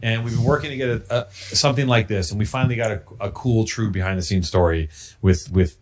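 A man's voice: on the low side, fast. A man hosting a podcast, enthusiastic and profane, joking with his guests. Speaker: podcast host. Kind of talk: casual chat.

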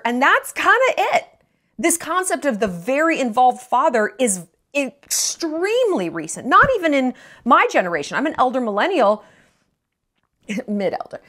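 A woman's voice: sits high, big pitch swings, a little slow, a bit bright. A woman in her late thirties giving a blunt, profane, sarcastic movie review rant on her vlog, mocking other people's voices. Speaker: vlogger.

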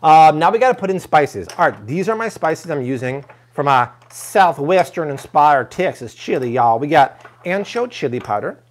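Upbeat guy hosting a live cooking stream, high-ish voice that swings a lot, jokes around. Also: moderate pace, hardly any pauses. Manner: animated, jokey, chatty. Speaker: cooking show host.

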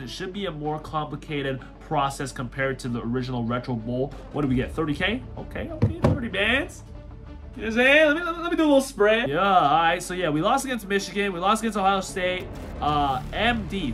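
A young man giving loud, jokey commentary over a football video game, full of slang and sudden shouts. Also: fairly high pitch. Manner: hyped, jokey, shouts often, slangy with "you know what I'm saying". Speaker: gaming YouTuber. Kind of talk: energetic gameplay commentary.

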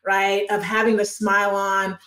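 A woman's voice: medium pitch, flat delivery, moderate pace, fairly bright tone. A woman hosting an interview who speaks reflectively, affirms her guest and asks probing questions. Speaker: podcast host. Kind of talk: interview conversation. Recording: echoey room.

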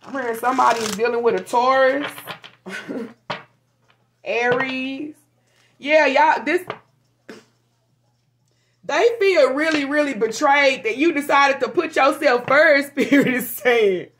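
A woman giving a casual, profane tarot reading to her viewers, frank and animated. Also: sits high, takes it slowly, long pauses, a little hiss or hum. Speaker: tarot reader.

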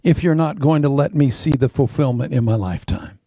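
A man's voice: medium pitch, a little fast, darkish tone, dry recording, studio quality, close to an everyday voice. A preacher voicing a weary old man pleading.

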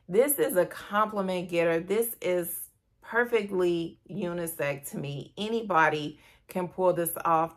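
A woman with a slightly low voice talks through a casual perfume review vlog. She is chatty and gushing, and speaks directly to her viewers like friends. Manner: gushing, chatty, addresses viewers as "you guys". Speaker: beauty vlogger.

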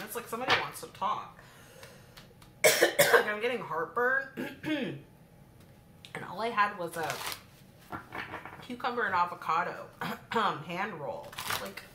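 A woman giving a casual tarot reading in a chatty way, talking straight to her viewers and breaking into laughter. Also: mid-range voice. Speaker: tarot card reader. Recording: echoey room with clear background noise.

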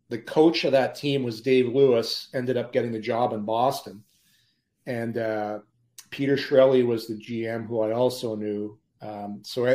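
A man, a former pro hockey player, telling lively anecdotes as a podcast guest and often laughing mid-story. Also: mid-range voice. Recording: roomy echo.

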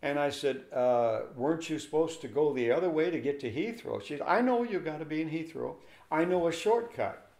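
A slightly high voice with vocal fry and a fairly quick pace belongs to an older pastor telling a story in an interview. He animatedly voices its characters' dialogue, and the room is echoey.

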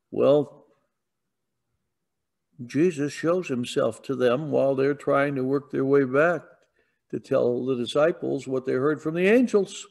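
A man preaching in a church, with a slow, unhurried delivery and a fairly high voice. He tells the story patiently, then lifts into emphatic declarations. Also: vocal fry, a little mellow. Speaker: pastor. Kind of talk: sermon. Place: church sanctuary.

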